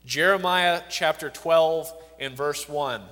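High-voiced man preaching in a hall. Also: slow, fairly bright tone. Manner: reads scripture aloud with rising emphasis, restarts phrases. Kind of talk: sermon.

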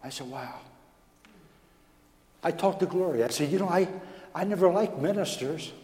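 A man preaching a personal testimony, telling his story in a stammering, animated way that builds in excitement. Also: fairly high pitch, moderate pace. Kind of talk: sermon testimony. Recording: echoey hall with long reverb.

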